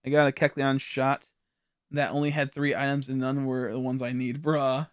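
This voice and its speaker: A young man streaming a video game, chatting casually with viewers, excitable, profane and often laughing. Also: mid-range voice, normal speed, clean tone, dry recording, studio quality. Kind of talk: casual gameplay stream commentary.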